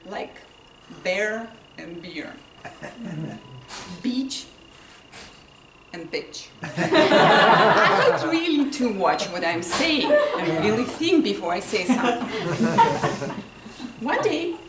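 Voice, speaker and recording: A woman whose first language is not English gives a humorous speech to an audience, telling her story with lively delivery and acting out lines. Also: on the high side. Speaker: contest speaker. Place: indoor meeting room with audience. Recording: roomy, distant, with noise and audience laughter.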